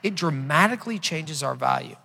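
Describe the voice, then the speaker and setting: Gravelly bright-voiced male preacher. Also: a little high, animated, fairly quick. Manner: conversational, tells stories with quoted dialogue. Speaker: pastor. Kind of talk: sermon. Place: church sanctuary. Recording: long hall reverb.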